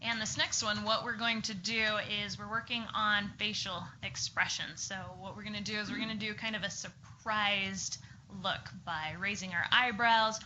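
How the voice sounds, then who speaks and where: A woman speech therapist with a very bright, sharp voice coaches a group through exercises, encouraging and explaining each step. The recording is muffled and lo-fi, with a faint hiss underneath. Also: medium pitch, steady tone, moderate pace. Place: group therapy session room.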